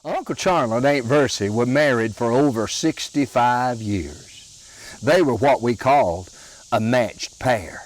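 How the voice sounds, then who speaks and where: A man telling comic family stories in a slow, folksy, drawn-out way. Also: medium pitch, lively intonation, rough recording. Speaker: storyteller comedian.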